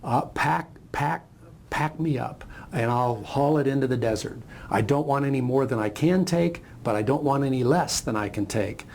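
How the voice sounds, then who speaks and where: A man voicing a weary, gravelly camel. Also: mid-range voice, moderate pace, a little mellow, slight background noise, natural voice. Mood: earnest. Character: weary male camel, beast of burden.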